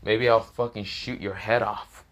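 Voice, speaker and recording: A man's voice: on the low side, unhurried. A man doing a smug, cold young killer. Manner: calm, mocking menace.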